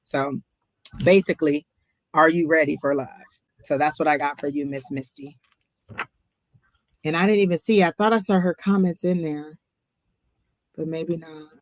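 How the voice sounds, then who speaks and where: A woman's voice: sits low, steady tone, normal speed, pauses often, dry recording. A woman hosting a casual live-stream tarot reading, talking in a chatty, emphatic way and often repeating herself. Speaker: tarot reader host.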